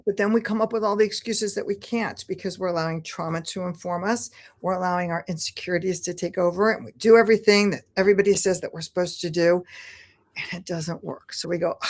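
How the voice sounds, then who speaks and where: A woman with a fairly low voice talks as a podcast guest. Her delivery is earnest and flowing, and she encourages her listeners as she speaks. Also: fairly even intonation, fast talker. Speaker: podcast guest, spiritual coach. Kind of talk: podcast conversation.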